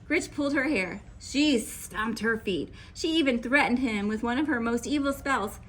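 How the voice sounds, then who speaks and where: A woman reading a children's picture book aloud, with playful, expressive narration. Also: fairly high pitch, moderate pace, few pauses. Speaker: storybook reader.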